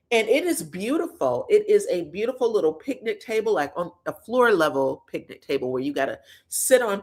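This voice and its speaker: A woman host in casual, chatty commentary, retelling reality TV drama in blunt slang with frequent swearing. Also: lowish voice. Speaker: pop culture commentator.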